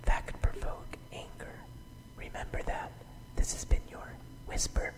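Brief: woman, whispered role-play bit, soft mock-serene advice, very slow. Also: low-quality recording. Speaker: segment voice.

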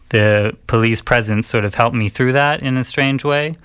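A man, a radio host, telling a personal story in a halting way with many pauses and restarts. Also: mid-range voice, a bit bright, clean tone, no echo.

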